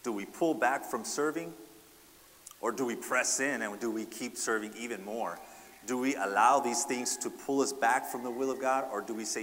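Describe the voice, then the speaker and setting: A man's voice: medium pitch, normal speed, a bit bright, long reverb tail, a little hiss or hum. A man preaching a sermon, asking the congregation rhetorical questions and often adding "right?". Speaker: pastor.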